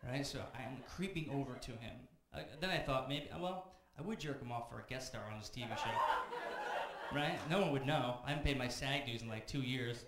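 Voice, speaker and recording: A young man performing a stand-up comedy set on a club stage, rattling off lists and building to loud rants. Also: mid-range voice. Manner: rapid-fire, builds to shouting rants. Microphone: handheld stage mic. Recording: echoey club room, audience noise. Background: audience laughter.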